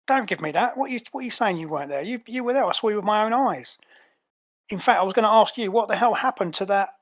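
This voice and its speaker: A man voicing a flustered female superhero agent, talking fast and indignant in a raised voice. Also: high voice, expressive, pitched above the performer's own voice. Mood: indignant exasperated.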